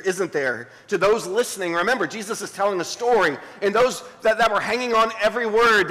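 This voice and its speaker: A pastor preaching a sermon, dramatic and emphatic, dropping to a hushed voice for scripture. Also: male voice, sits high, in a large hall. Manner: dramatic, drops to a hushed voice when reading scripture. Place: church sanctuary.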